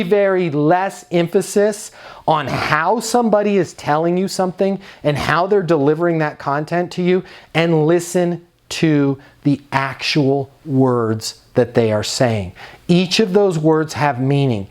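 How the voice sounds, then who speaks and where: A man coaches leasing agents in a motivational training talk. His voice sits a little high, and he speaks directly and emphatically, slowing down and stretching key words to drive them home. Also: darkish tone.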